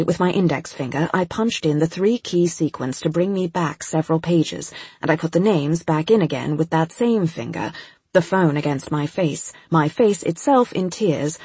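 A woman's voice: fairly low pitch, warm tone, husky, dry recording. A woman narrating a first-person audiobook in a tense, urgent manner.

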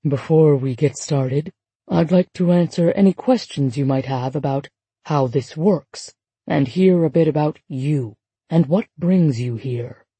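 Woman doing a kind older male analyst, low voice, slow and gentle, dark husky tone, dry audiobook read. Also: dry recording. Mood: calm. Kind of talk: audiobook narration.

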